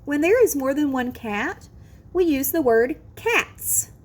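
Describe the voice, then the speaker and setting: A woman teaching a kindergarten phonics lesson, sounding out words slowly and with exaggerated care. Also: sits high, animated. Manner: drawn-out, exaggerated sounding out of words, sing-song encouragement. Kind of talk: slow, careful phonics lesson for young children.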